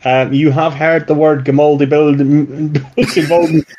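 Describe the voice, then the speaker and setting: A man's voice: on the high side, little pitch movement, measured pace, mellow, a little hiss or hum. A man running a tabletop game as game master, chuckling and rambling with fillers. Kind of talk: narrating a tabletop game with players. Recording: dull lo-fi sound.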